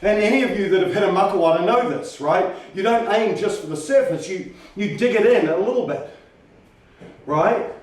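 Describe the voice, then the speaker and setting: High-voiced male karate teacher, echoey. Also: moderate pace. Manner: demonstrative, shouts sharp counting calls. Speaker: karate instructor. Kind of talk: teaching a martial arts class. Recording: roomy training hall, voice from far off.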